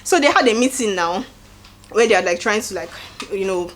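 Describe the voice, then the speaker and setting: A woman with a Nigerian accent giving a casual recap, acting out quotes in an animated way and adding preachy asides. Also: medium pitch, a little fast, a little hiss or hum. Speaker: show recap host. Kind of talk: casual reality-show recap.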